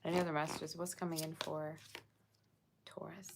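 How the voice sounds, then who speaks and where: A woman's voice: low voice, steady tone, normal speed, background noise. A woman reading tarot for her viewers in a casual, chatty way, checking in with them often. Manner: chatty, addresses viewers with frequent "okay?". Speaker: tarot reader.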